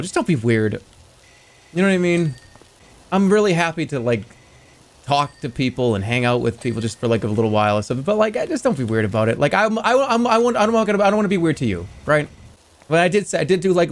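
A man in his thirties streaming a game, chatting casually and telling animated stories with lots of restarts. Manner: animated storytelling, acts out voices with big pitch jumps; rambling with frequent restarts. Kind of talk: casual chat while gaming.

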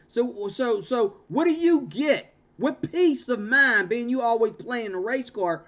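A man's voice: very high voice, sharp tone. A man hosting his own channel, talking in an emphatic, confrontational monologue with lots of repeated words and restarts. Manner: emphatic, repetitive, stammering restarts; confrontational, ranting. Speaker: channel host. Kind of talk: monologue commentary vlog. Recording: dull lo-fi recording.

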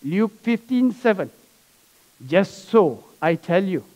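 A man's voice: high voice, lively intonation, slow. A man pastor preaching a sermon to his church, telling a story and reading scripture with small laughs. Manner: preaching with asides and soft laughs. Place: church sanctuary.

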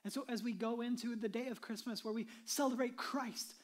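Woman pastor, slightly high voice, earnest conversational sermon that turns hushed and soft on solemn lines. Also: fairly even intonation, a little fast. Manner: earnest, conversational preaching with many "like" asides; drops to soft, hushed delivery on solemn points.

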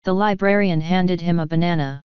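A woman's voice: on the low side, fairly even intonation, a little fast, clear, resonant tone, dry recording, lo-fi sound. A woman narrating an audiobook, reading every character herself with small shifts of voice. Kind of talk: scripted narration.

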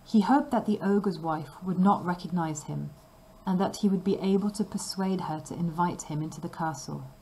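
A woman narrating a fairy tale for language learners with clear, measured reading. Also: on the low side, dark tone, a little hiss or hum, low-quality recording. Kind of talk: scripted storybook narration.

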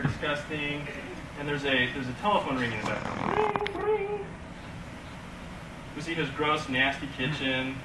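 A young man, an animation student, enthusiastically pitching a film story to a class and acting out its scenes, recorded from far off in an echoey, noisy classroom. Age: young adult. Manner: enthusiastic, laughing, acts out scenes.

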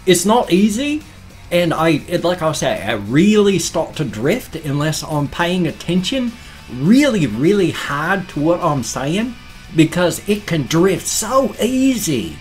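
A man in his fifties putting on a high-pitched, stereotypical Australian accent, talking carefully as he tries to hold it. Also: big pitch swings, slow pace, faint music behind. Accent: put-on Australian. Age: 50s. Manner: effortful, careful, talking about the accent itself.

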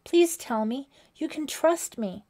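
A curious teenage girl camper, earnest and growing frightened, her questions rising high, as a woman narrating puts her on. The voice is soft and mellow. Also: normal speed, close to an everyday voice. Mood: frightened pleading. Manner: pleading, questioning, rising pitch.

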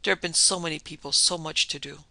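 Soft-spoken young woman keeping secrets, a man putting her on, gravelly and a bit high. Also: fairly even intonation, fast, no echo, heavily acted. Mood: tender. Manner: soft, hushed delivery.

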